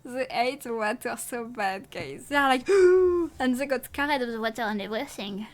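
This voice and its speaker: A young woman who speaks natively, chatting casually on a live stream in a rambling, halting way with many restarts and playful swearing. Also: on the high side, expressive. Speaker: VTuber streamer.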